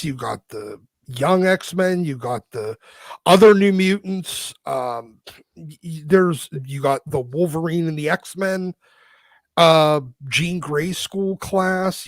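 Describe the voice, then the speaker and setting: A man's voice: a little high, no room sound. A man arguing his points in a casual panel discussion over a video call, listing examples with hesitant fillers.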